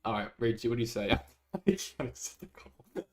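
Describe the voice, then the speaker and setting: A man's voice: mid-range voice, big pitch swings, fairly quick. A young man streaming live, chatting casually with viewers, reading their messages aloud and laughing often.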